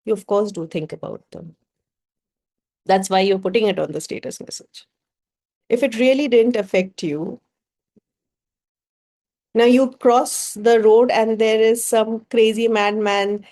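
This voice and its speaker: A woman's voice: on the high side, normal speed, dark tone. A woman with a Bengali-inflected Indian English accent, leading a group workshop as facilitator and working through ideas with rhetorical questions.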